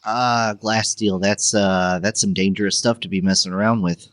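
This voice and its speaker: A man taking part as a player in a tabletop role-play, asking relaxed, thoughtful questions. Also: on the low side, normal speed, no room sound, studio quality.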